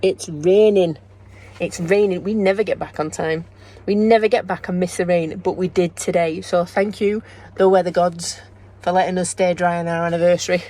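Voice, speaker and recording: A woman's voice: on the low side, steady tone, normal speed, mellow. A middle-aged woman, chatting casually and joking as she vlogs to a handheld camera. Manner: chatty and jokey, laughs often. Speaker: travel vlogger. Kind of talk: casual vlog chat.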